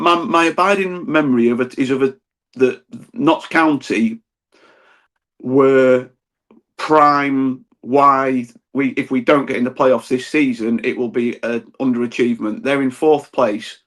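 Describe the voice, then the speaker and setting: A man's voice: mid-range voice, fairly even intonation, unhurried, fairly bright tone. Rambling, chatty podcast co-host, a man. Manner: chatty, rambling, self-deprecating. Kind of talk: casual football podcast chat.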